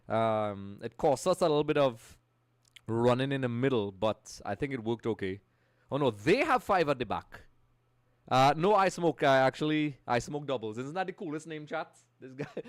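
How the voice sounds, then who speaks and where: Streamer guy talking to chat while he plays, mid-pitch, dry close mic. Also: no room sound. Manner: chatty, reads and greets the chat. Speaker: gaming streamer. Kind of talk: live-stream commentary.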